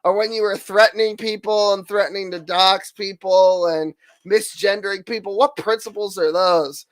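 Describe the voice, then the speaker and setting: A young man hosting a podcast in a profane, sarcastic, ranting way. His voice sits high, and the sound is dry and close with no room echo. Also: fairly even intonation, moderate pace. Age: young adult. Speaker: podcast host. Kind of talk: casual podcast chat.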